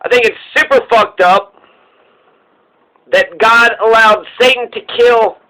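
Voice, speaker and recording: A man's voice: very high-pitched, pushed and bright, low-quality recording. A man giving casual, irreverent commentary, ranting with plenty of profanity. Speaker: podcast host.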